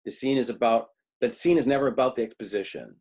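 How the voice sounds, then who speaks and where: A man's voice: mid-range voice, quick pace, a little mellow, husky. A man teaching acting in a webinar, talking conversationally with frequent restarts and briefly acting out lines he quotes. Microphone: video call.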